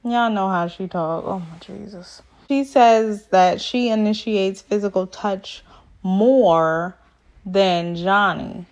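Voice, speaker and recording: A woman's voice: medium pitch, fairly even intonation, slow pace. A woman recapping a reality show in a sassy, chatty way, full of slang asides. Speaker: TV recap vlogger.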